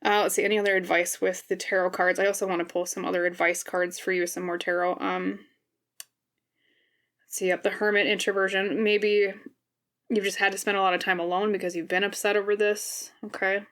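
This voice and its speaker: A woman giving a pick-a-card tarot reading on camera, gentle and reassuring, often checking in with "okay?". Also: mid-range voice, flat delivery, brisk. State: briefly teary and emotional. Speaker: tarot reader. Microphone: camera mic, seen on camera.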